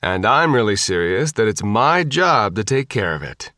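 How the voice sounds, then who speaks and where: A man's voice: fairly low pitch, big pitch swings, normal speed, pushed and bright, no room sound. A man voicing an adult male bodyguard who speaks firmly and insistently. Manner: firm, insistent.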